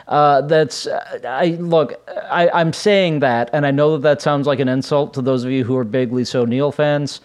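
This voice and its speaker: A man's voice: fairly high pitch, a little mellow. A man hosting a solo podcast from home, talking in a casual, rambling way with plenty of fillers and restarts. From United States. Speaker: podcast host. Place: home room with his cats.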